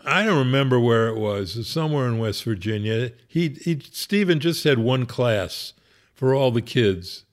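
A man's voice: mid-range voice, expressive, moderate pace. Man telling a funny story. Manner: wry, conversational, laughs at his own story. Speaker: rabbi. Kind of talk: humorous storytelling.

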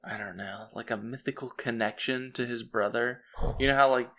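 A man's voice: mid-range voice, fairly even intonation, normal speed, fairly bright tone. A man playing a tabletop game, talking hesitantly with many fillers. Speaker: player. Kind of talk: casual tabletop play.

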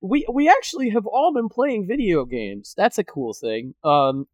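A man's voice: high voice, sing-song, moderate pace, few pauses, no echo, lo-fi sound. A man hosting a casual podcast chat, joking around and swearing freely. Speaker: podcast host.

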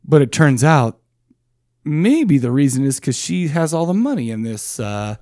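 A man's voice: on the high side, sing-song, measured pace, a little mellow, no echo, clean studio sound. A man co-hosting a podcast in casual chat, rambling and joking with frequent laughs. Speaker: podcast co-host.

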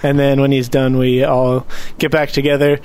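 A man's voice: medium pitch, level tone, moderate pace, a little mellow, clean tone. A man playing a tabletop game, chatting casually and joking playfully. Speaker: player. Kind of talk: casual tabletop role-play chat.

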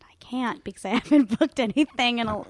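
A woman on a podcast talking casually about voiceover work, chatty and animated with many fillers. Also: on the high side, brisk. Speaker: podcast guest, voiceover actor. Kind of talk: casual chat.

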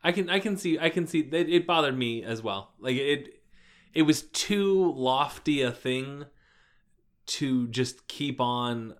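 A podcast co-host in a casual book chat, agreeing often and speaking in halting restarts. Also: mid-range voice, lively intonation. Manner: agreeable, frequent short affirmations, halting restarts.

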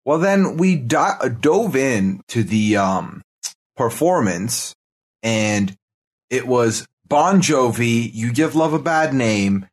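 A man's voice: mid-range voice, expressive, slow pace. A man co-hosting a podcast in casual chat, thinking aloud as he walks through clues. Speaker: podcast co-host.

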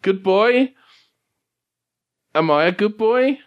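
A man's voice: sits high, expressive, takes it slowly, smooth, dull audio, pitched above the performer's own voice. A man voicing an anxious, eager male soldier dog who keeps pleading to be called a good boy. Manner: pleading, repetitive.

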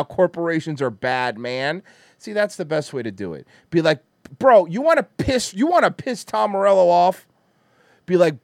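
A man's voice: high voice, sing-song, moderate pace, gravelly, no echo, clean studio sound. A man hosting a livestream, ranting casually in a profane, sarcastic and mocking way. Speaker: livestream host. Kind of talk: casual commentary rant.

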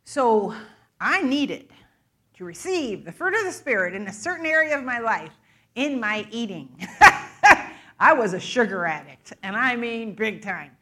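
A woman delivering an informal sermon in a church, her voice bright and forward. She talks candidly and conversationally, like she is chatting with friends, and laughs easily at herself. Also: fairly high pitch, very animated, a little slow. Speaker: guest preacher. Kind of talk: informal sermon with personal testimony. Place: church sanctuary.

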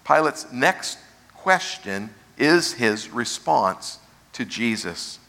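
A man preaching a sermon as pastor, asking rhetorical questions and slowing down to stress key phrases. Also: medium pitch, expressive, creaky, sharp tone.

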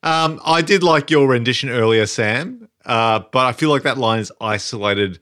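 A man's voice: medium pitch, moderate pace, no echo, clean studio sound. A man hosting a casual film-review podcast who hands out awards and prompts his co-hosts in a wry way. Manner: wry, prompting others, lively intonation. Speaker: podcast host running award segments.

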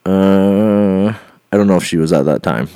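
Male co-host, lively casual storyteller who acts out the quotes and laughs easily. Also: deep voice, moderate pace, smooth. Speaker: podcast co-host. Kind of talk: casual chat.

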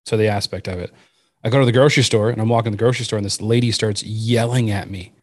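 A man in casual podcast chat, telling an animated anecdote and acting out the people in it. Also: lowish voice, quick pace, husky, no room sound, clean studio sound. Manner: animated anecdote-telling, acts out quoted voices.

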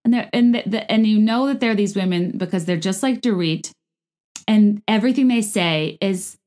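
Rambling, chatty woman podcast host. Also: moderate pace. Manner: chatty, rambling, many fillers and restarts; lively jumps in pitch for emphasis. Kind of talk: casual chat about reality TV.

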